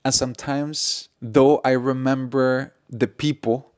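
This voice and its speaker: A man's voice: medium pitch, level tone, slow pace, a little mellow, clear, resonant tone, no room sound, studio quality. A man co-hosting a casual podcast conversation, earnest, laughing easily and repeating his points. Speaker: podcast co-host.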